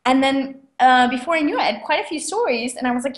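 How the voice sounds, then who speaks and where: Lively young woman telling a story. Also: on the high side, fast, hardly any pauses. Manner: animated, chatty, laughs often. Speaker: guest author. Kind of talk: casual interview storytelling. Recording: roomy echo.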